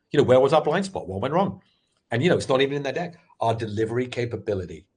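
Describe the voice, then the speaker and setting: A middle-aged man giving a candid, animated webinar talk on pitching, full of restarts as he tells his story. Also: husky. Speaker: sales expert and former startup founder.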